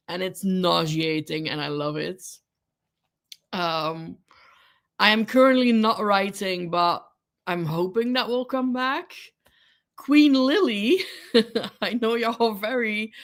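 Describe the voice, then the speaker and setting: A woman's voice: mid-range voice, fairly bright tone. A woman hosting a casual livestream, chatting with viewers, giggling often and greeting people by name. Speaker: livestream host.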